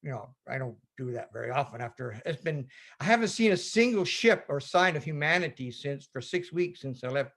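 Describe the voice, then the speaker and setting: A middle-aged Canadian man telling a sailing story over a video call, lively and rambling, acting out radio calls. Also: mid-range voice, a little fast, few pauses. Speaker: sailor giving a presentation. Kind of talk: animated storytelling talk.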